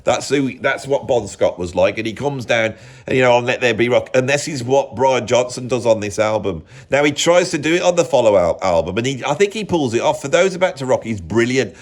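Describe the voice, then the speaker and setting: An English man holding forth on music in a loose, rambling monologue. He doubles back on himself and cuts off his own sentences, sure of his opinions. His voice sits at a middling pitch for a man. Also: lively intonation, brisk. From England. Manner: rambling, self-interrupting, opinionated. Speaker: music commentator.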